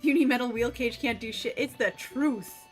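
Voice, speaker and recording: Woman streamer, casual and rambling, slightly high pitch, faint music bed. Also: steady tone, normal speed. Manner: rambling, chatty, laughs often. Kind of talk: casual chat while gaming.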